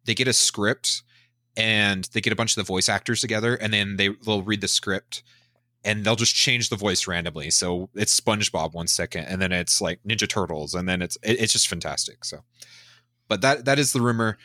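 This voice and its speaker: A man hosts a casual podcast in an enthusiastic, chatty way. His voice sits low but sounds bright and forceful. The sound is dry and close. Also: a little fast, dry recording. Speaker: podcast host.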